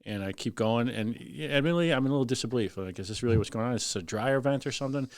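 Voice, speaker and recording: A man's voice: mid-range voice, racing. A middle-aged man, a veteran fire lieutenant, telling a story in casual podcast talk and acting out the voices of the people in it. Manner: animated, acts out voices in his story. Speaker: firefighter lieutenant guest.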